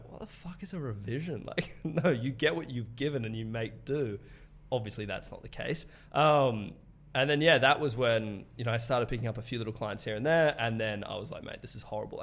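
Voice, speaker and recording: A man's voice: mid-range voice, a little fast. A man in his twenties with an Australian accent, a podcast guest telling stories in casual conversation, swearing freely and laughing often. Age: 20s.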